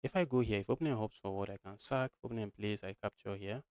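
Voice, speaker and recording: A young man from Nigeria calls a live chess game with a smooth, resonant voice, mumbling through his calculations as he plays. He keeps talking to his viewers as "guys". The sound is dry and close to the mic, with no room around it. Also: fairly low pitch, quick pace, a bit bright, no room sound. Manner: thinks aloud, muttering lines of play, often addresses viewers as guys. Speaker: chess streamer. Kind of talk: live-streamed chess commentary.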